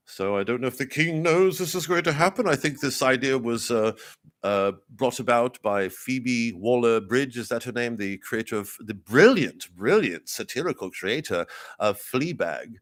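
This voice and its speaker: Man, mid-pitch, deadpan improv comic playing a pompous royal correspondent. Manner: rambling, deadpan mock-pompous riffing. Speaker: comedian in character as a royal correspondent. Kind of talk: improvised satirical live commentary.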